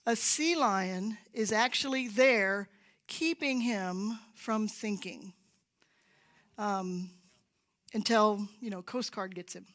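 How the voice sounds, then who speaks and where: She is a woman speaking from a church platform at an unhurried, deliberate pace, telling stories to the congregation. Her voice sits at an ordinary middle pitch, and now and then she sinks into a hushed whisper to press a point home. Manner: storytelling, drops to a whisper for emphasis. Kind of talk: sermon-style teaching. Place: church sanctuary.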